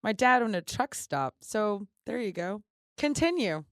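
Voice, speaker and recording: A woman's voice: mid-range voice, sing-song, a little slow, fairly bright tone, no echo, clean studio sound. A woman from Louisiana co-hosting a podcast, playfully exasperated and laughing. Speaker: podcast co-host. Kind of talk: casual podcast banter.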